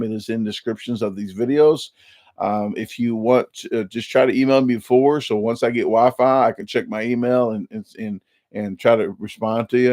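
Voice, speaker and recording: A man in his forties from Illinois, talks through a casual live stream. He rambles, restarting sentences and repeating small words as he goes. His voice sits at an ordinary middle pitch, and the sound is dry, with no room echo. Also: darkish tone. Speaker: YouTube channel host.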